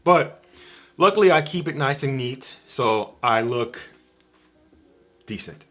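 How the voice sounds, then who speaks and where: A man's voice: mid-range voice, expressive, slow pace, fairly bright tone. A man giving an informal livestream sermon, emphatic and repeating his key phrases. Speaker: preacher on a livestream.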